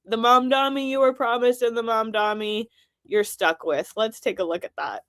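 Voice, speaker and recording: A woman's voice: fairly high pitch, fairly even intonation, normal speed, fairly bright tone, clean tone, dry recording, clean studio sound. A woman hosting casual political commentary, blunt and sarcastic, swearing freely.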